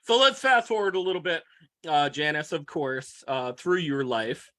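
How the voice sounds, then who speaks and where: Lively, bright man podcast interviewer. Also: on the high side, moderate pace. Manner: hesitant, many fillers, leading questions. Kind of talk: casual interview.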